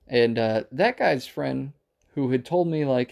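A man spins a rambling, profane bar story in a casual storytelling voice. His tone is gravelly and dark, with a low rasp under the words. He drifts from point to point and acts out what people said. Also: measured pace. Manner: profane, rambling anecdotal delivery with acted-out quotes.

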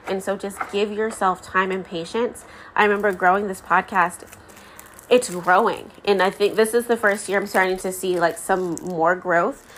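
On her own podcast, a woman in her thirties speaks at a moderate pace in a slightly bright, medium-pitched voice with fairly even intonation; a little hiss or hum is present. She's candid and rambling, packed with fillers like "you know" and "like," and sounds worn out and close to crying.

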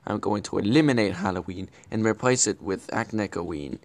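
A man's voice: fairly low pitch, brisk, close to an everyday voice. A man playing a bumbling, scheming male villain who hosts a comedic web show, rambling and correcting himself as he goes. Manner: rambling, stumbling and self-correcting. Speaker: show host. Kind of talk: comedic character vlog.

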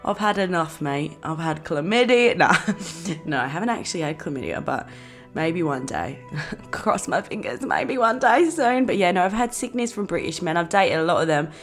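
A woman's voice: lowish voice, animated, moderate pace, soft background music. A young Australian woman hosting her own podcast, rambling and giggly in a casual chat, swearing freely. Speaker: podcast host.

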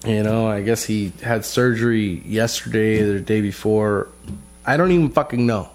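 A Texas man with a mid-range, darkish voice tells a rambling family story in casual talk. He swears constantly, repeats himself in frustration, and keeps restarting and filling gaps.

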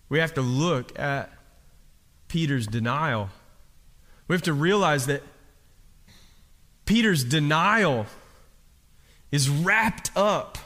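A man preaching a sermon, telling the story dramatically and swinging between hushed and loud. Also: a little high. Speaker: pastor. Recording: long hall reverb.

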